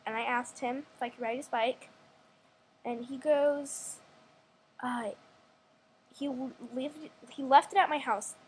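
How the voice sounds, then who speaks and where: A woman's voice: fairly high pitch, breathy edge, low-quality recording. A young woman telling a rambling story at home, with many restarts and acted-out quotes. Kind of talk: casual storytime vlog.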